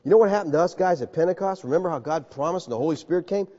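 A man preaching a sermon in an animated, conversational way, calling his listeners folks. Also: on the high side, very fast. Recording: reverberant hall, slightly dull sound.

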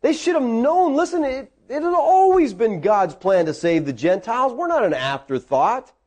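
A man preaching a sermon in a high, very lively voice. He acts out the people of the story as he tells it. His pitch swings widely all through. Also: normal speed.

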